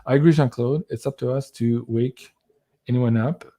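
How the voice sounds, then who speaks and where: A man co-hosts a casual livestream. His voice is husky and a little breathy, sitting at a mid pitch. He talks loosely and laughs often as he thanks people one by one. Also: fairly even intonation, normal speed, dark tone. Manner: chatty, thanks donors by name, laughs often. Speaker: livestream co-host.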